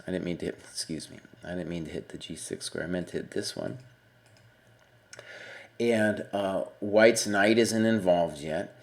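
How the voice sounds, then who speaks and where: A man's voice: low-pitched, normal speed, gravelly. A middle-aged man coaching chess, talking through a student's game in a casual, thinking-aloud way. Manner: conversational, thinks aloud with fillers and asides. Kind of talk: casual spoken game analysis.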